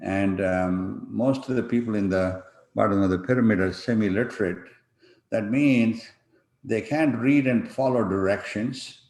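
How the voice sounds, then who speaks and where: A man giving an online conference talk over a video call, pausing often with fillers and restarting his sentences. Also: fairly low pitch, a little mellow. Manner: halting, many fillers and restarts. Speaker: conference panel speaker. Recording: echoey room.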